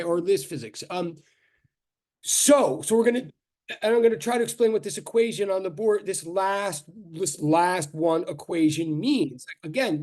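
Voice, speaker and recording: A man with a notably high voice teaches physics to a class. He talks in a loose, chatty way, stopping mid-sentence, restarting and going off on asides before getting back to the lesson. He sounds middle-aged and at ease in front of the room. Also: darkish tone. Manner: chatty, self-interrupting, full of fillers and restarts. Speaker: physics professor. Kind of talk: rambling classroom lecture.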